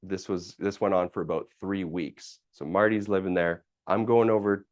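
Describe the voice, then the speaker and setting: A man's voice: low-pitched, fairly even intonation, normal speed, darkish tone, no echo. A man hosting a live stream, telling a personal story casually, rambling with fillers, restarts and the odd swear word.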